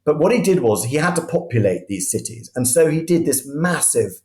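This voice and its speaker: A man's voice: a little high, lively intonation, fairly quick, darkish tone, echoey room. A man speaking as a guest historian, telling history as vivid anecdotes and often restarting his sentences mid-thought. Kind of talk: conversational history storytelling.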